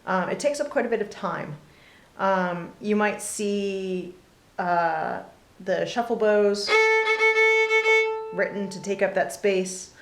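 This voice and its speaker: A woman's voice: medium pitch, takes it slowly, long pauses, soft background music. Woman teaching fiddle, roomy sound. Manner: relaxed, lots of ums, talks between demonstrations. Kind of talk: casual music lesson. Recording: roomy with loud fiddle playing. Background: fiddle playing.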